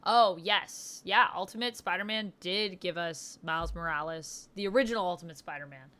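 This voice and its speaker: Lower-voiced woman hosting a casual stream. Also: moderate pace, bright, forceful tone, smooth. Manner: chatty, reads viewer comments aloud and answers them; enthusiastic comic-book fan talk. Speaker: livestream host. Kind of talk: casual chat.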